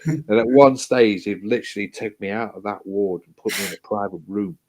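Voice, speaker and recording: A man's voice: fairly low pitch, fairly quick, darkish tone. A man telling a hospital story in casual chat, swearing freely, repeating himself and acting out what people said.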